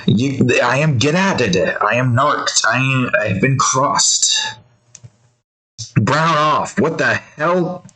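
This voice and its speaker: A young man talks through his drawing session in a loose, rambling way, cracking jokes and swearing offhandedly. His delivery is slow and unhurried, sitting at an ordinary middle pitch. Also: lively intonation, bright, forceful tone, poor audio. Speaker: digital artist drawing on his channel. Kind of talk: casual rambling commentary while drawing.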